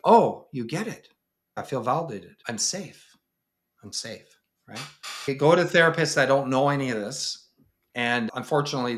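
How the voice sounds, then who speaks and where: A man's voice: mid-range voice, pushed and bright. Blunt, straight-talking man. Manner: blunt, straightforward, acts out quoted voices. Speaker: podcast host, counselor. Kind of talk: casual conversational interview.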